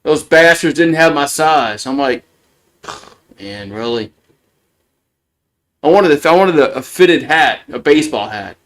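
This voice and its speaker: Guy calling a ball game on a stream, kinda high voice, rambly and chuckly. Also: a little slow, a bit bright. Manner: rambling, chuckles often, repeats words. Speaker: host doing play-by-play on a live stream. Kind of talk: casual live play-by-play commentary.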